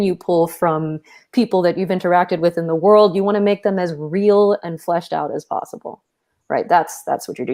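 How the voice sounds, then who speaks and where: A woman's voice: lowish voice, a little mellow. A woman audiobook narrator on a panel, explaining her process earnestly with many fillers over a video call. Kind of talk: casual panel talk.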